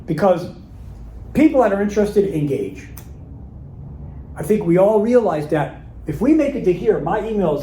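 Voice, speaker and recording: A man's voice: high voice, very animated, moderate pace, pauses often, dark tone, echoey room, a little hiss or hum, rough recording. A man leading a live sales workshop, talking casually and acting out sample voicemails and emails. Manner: conversational, acts out sample calls and emails. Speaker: sales trainer.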